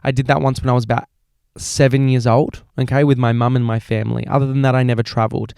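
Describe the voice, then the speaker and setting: An Australian man in his twenties hosts a podcast, rambling casually through audience questions in an animated way full of filler phrases. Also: medium pitch, quick pace, gravelly, clear, resonant tone, dry recording, clean studio sound. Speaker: podcast host. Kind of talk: casual solo chat answering questions.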